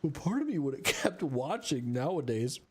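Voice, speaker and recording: Young man, streamer, goofy, tired, lively voice. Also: fairly high pitch, moderate pace, slightly rough. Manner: goofy, reads dialogue aloud in put-on voices. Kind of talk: casual gameplay commentary.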